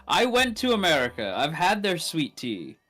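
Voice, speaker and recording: Guy laughing a lot, really lively up and down voice. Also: on the high side, moderate pace, faint music behind. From Canada. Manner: giggly, animated, laughs often. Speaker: guest streamer. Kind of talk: casual chat.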